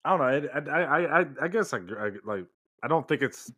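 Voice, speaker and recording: A man's voice: on the high side, expressive, fairly quick, bright, forceful tone, slightly rough. A man co-hosting a casual movie podcast, often stammering and restarting as he talks. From American South. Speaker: podcast co-host.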